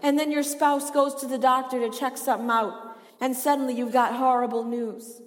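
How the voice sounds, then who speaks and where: A woman's voice: sits high, steady tone, normal speed, long reverb tail. A woman preaching a sermon, chatty and laughing often, asking the congregation questions as she reads from the Bible.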